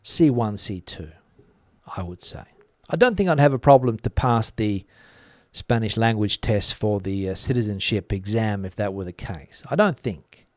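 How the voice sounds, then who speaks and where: An Australian middle-aged man hosts a casual livestream, reading out viewer comments hesitantly with lots of "uh" fillers. His voice is fairly low with lively intonation at a normal speed, and there's no echo.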